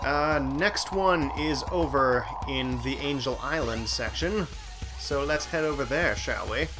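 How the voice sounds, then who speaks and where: A man talks through his game in a loose, rambling way, poking fun at himself as he goes. His pitch sits in an ordinary middle range, and bright game music plays under his voice the whole time. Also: a little slow. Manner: rambling, self-mocking, offhand. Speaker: let's play host. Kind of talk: casual gameplay commentary.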